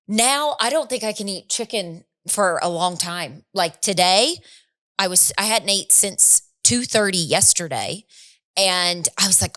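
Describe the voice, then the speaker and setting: Woman, thirties, podcast co-host, casual chat, animated storytelling, mid-pitched voice. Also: a little slow. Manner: animated storytelling with laughs and acted quotes.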